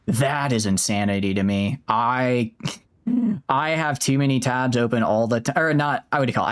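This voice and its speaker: A man streaming a strategy game, chatting casually with his viewers, rambling with many restarts and fillers. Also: medium pitch. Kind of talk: casual live-stream chat while gaming.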